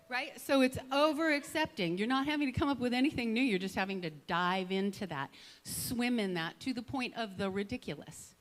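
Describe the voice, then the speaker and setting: A woman speaking as a guest at a Sunday service in a conversational sermon, a lively storyteller who acts out examples and keeps asking "right?". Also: medium pitch, normal speed. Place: spiritual center Sunday service.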